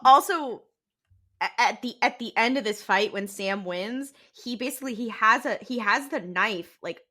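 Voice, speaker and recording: Giggly bright-voiced young woman. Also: mid-range voice. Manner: giggly, excitable, quotes characters. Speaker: podcast co-host. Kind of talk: casual rewatch podcast chat.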